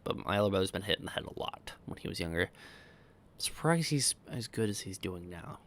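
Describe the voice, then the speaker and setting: In a casual livestream Q&A, this twenty-something from Iowa in the United States answers viewers easygoingly, rambling and self-correcting as he goes. He has a deep, fairly bright voice with lively intonation and a brisk pace, plus a little hiss or hum.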